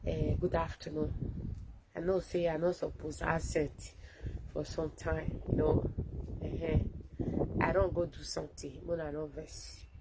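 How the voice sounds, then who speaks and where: A woman's voice: deep voice, background noise. A woman with a Nigerian accent giving a fervent, rallying address to viewers on a live phone video from a friend's home. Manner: fervent, rallying, mixing Pidgin and English. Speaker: activist broadcaster.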